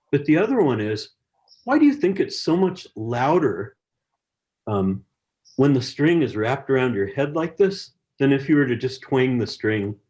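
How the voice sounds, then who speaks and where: A man's voice: medium pitch, darkish tone. Encouraging male science teacher on a video call. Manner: encouraging, chatty, reads chat messages aloud. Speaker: science educator leading an online workshop.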